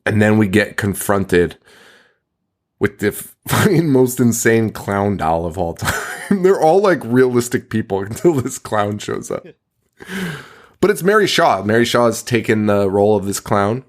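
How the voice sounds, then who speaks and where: A man's voice: on the low side, normal speed. A man hosting a podcast, recapping a horror movie in casual chat, laughing often and swearing freely. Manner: animated, laughing, swears a lot. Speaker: podcast host.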